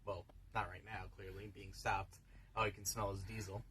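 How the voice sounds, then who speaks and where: A man's voice: deep voice, flat delivery, normal speed, fairly bright tone, slight background noise, poor audio. An older man, rambling wryly to a stranger on a bus in a dry comic monologue. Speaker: bus passenger.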